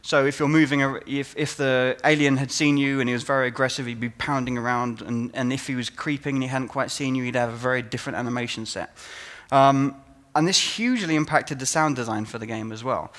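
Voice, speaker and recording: Speaking a little fast in a medium-pitched voice, a game designer gives a conference talk built on lively anecdotes, acting out players' reactions as he goes.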